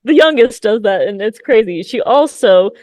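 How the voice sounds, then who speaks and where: A woman's voice: a little high, expressive, normal speed, darkish tone, dry recording. Laughing, joking woman podcast co-host. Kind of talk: casual chat.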